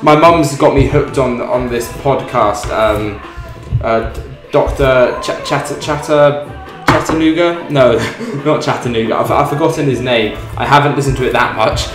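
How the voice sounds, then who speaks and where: A man's voice: mid-range voice, unhurried. Chatty young British man, roomy echo. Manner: rambling, chatty, many restarts and ums. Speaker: livestream host. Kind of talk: casual chat while cooking and reading chat. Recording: roomy echo, faint music behind.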